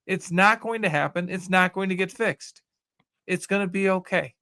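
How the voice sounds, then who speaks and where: A man's voice: high-pitched, moderate pace, bright, forceful tone. A man co-hosting a sports podcast, talking in a casual, sarcastic way. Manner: sarcastic, mocking quoted voices. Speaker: podcast co-host.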